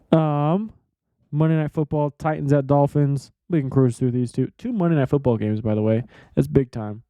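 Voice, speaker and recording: A man's voice: medium pitch, dark tone, no echo, clean studio sound. A man hosting a sports podcast, giving casual, profane, rambling betting picks.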